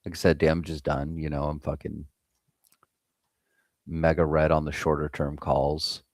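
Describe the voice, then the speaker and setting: A man's voice: extremely low pitch, monotone, moderate pace, no echo, studio quality. An American man hosting a live trading stream, chatting casually and swearing freely while reading the chat. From United States. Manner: loose, profane, chatting with viewers.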